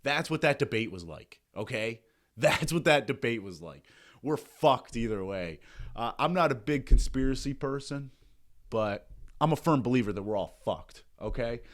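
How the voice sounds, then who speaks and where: A man's voice: mid-range voice, lively intonation, normal speed. A young man riffs through a satirical comedy monologue as a podcast host. His delivery is sarcastic and rambling, and he swears freely and trips over his own restarts. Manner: sarcastic, rambling, profane, with frequent laughs and restarts.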